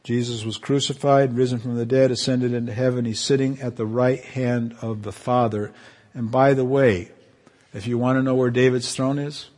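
A man preaching a sermon as pastor, fervent and emotional, with his voice climbing high at moments of feeling. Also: steady tone, normal speed, a little mellow.

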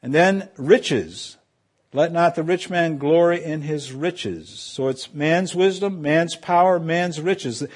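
A man preaching a sermon to a congregation in a somewhat high voice. He swells loud on key phrases, then drops to quiet asides. He leads the crowd in call and response. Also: takes it slowly. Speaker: pastor.

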